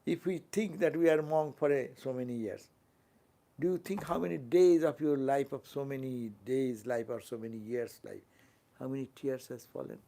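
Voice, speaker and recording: A mid-range, dark voice with vocal fry belongs to an older Indian English-speaking monk. Preaching fervently, he often turns to his listeners with questions and fires off quick tag-questions.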